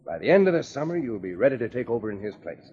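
A man's voice: mid-range voice, very animated, fast talker, a little hiss or hum. An actor playing a kindly, fatherly older boss praising a young man, in a 1950s radio drama. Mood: jovial. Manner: warm, jovial, fatherly. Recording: muffled old radio recording.

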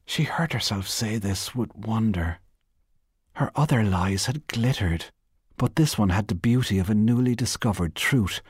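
Low husky man reading a story. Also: dry recording, studio quality. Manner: measured, even storytelling. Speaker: reader of a short story. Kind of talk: literary reading.

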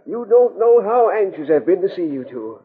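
A sickly old frontier grandfather with a folksy drawl. His voice sits high and swoops around, with a husky edge. It comes through a tinny, phone-thin old radio recording. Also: big pitch swings, moderate pace, exaggerated voice. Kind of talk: 1950s radio drama acting.

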